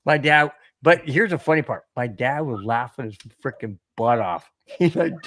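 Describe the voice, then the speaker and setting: A man co-hosting a casual sports podcast, telling animated stories, laughing often and stumbling over his words. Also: mid-range voice, fairly quick, a little hiss or hum. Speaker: podcast co-host.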